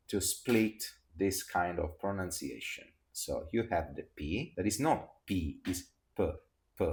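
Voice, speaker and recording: A man's voice: deep voice, darkish tone. A man with an Italian accent teaching pronunciation and drilling words for the listener to repeat. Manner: slow, drills words for repetition. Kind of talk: pronunciation lesson.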